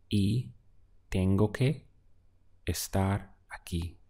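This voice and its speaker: A man teaching a beginner language lesson, asking patient prompts and then giving clear model answers. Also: on the low side, lively intonation, takes it slowly, darkish tone. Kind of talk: slow, deliberate language lesson with pauses.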